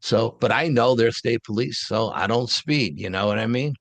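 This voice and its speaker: A man's voice: medium pitch, moderate pace, no echo. A man, an interview guest telling a story in a casual, blunt, street-wise way. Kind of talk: casual first-person storytelling.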